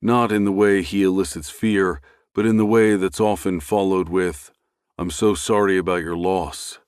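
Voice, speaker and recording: Guy reading a romance audiobook, real low voice, slow and even, dry close mic. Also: clean tone, dry recording. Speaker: audiobook narrator. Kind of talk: first-person romance narration.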